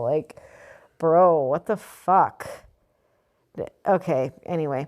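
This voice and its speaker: A woman's voice: deep voice, takes it slowly, long pauses, darkish tone. A woman vlogger reading out an article and commenting on it in a blunt, sarcastic, profane rant. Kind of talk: opinion vlog reading an article.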